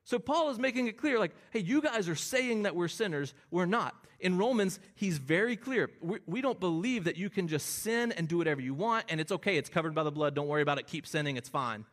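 A man's voice: high voice, lively intonation, a little fast, few pauses. A man preaching an expository sermon, earnest and explanatory, rising to emphatic bursts on key phrases. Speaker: pastor.

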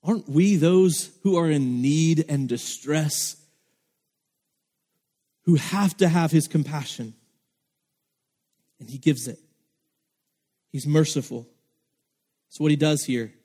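A man preaching with earnest emphasis and a slightly high voice. His words ring out with a long reverb, as in a church hall. He acts out quoted lines as he goes. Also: takes it slowly, long pauses, mellow. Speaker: pastor. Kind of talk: sermon.

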